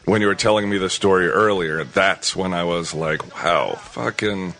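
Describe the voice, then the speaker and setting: A man's voice: sits low, steady tone, moderate pace, a bit bright, soft background music. A man hosting a casual podcast, asking teasing, joking questions. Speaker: podcast host.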